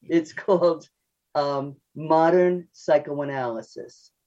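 An older woman, a psychoanalyst guest on a radio interview, talking fast and chatty and laughing at herself. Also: low-pitched, warm tone. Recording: dull lo-fi radio audio.

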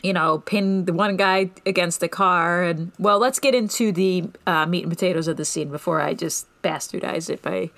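A woman's voice: on the low side, moderate pace, creaky, hardly any pauses, fairly bright tone. A woman co-hosting a podcast, chatting casually and laughing easily as she recaps a TV episode with some swearing. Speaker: podcast co-host.

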